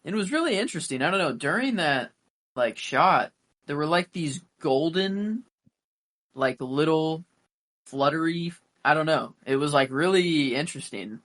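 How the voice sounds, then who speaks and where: A man's voice: fairly high pitch, lively intonation, moderate pace, a bit bright. A young man co-hosting a casual fan podcast, rambling and hesitant with lots of fillers. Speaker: podcast co-host.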